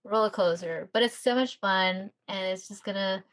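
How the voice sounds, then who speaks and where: A woman co-hosting a casual podcast, talking in an upbeat way and acting out quoted feelings with lively swings. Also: medium pitch, normal speed. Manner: upbeat, acts out excited quotes. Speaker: podcast co-host, sonographer.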